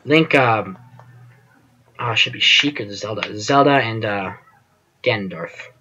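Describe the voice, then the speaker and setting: A man's voice: lowish voice, a little slow, bright, forceful tone, muffled recording. A man giving casual gameplay commentary as host of his channel, rambling and self-deprecating, often trailing off with fillers.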